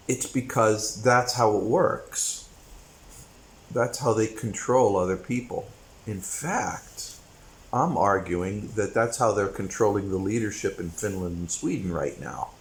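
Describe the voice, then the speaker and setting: A man with a somewhat low voice talks through an opinionated monologue. He rambles, then punches certain points with sudden emphasis. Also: low-quality recording. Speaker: commentary channel host.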